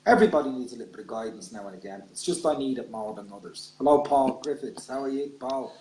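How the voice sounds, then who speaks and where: A man's voice: mid-range voice, animated, fast talker, darkish tone, slight background noise. A man hosting a radio show, chatting with his co-presenter in jokey, teasing banter. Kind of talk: radio chat. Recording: echoey room sound.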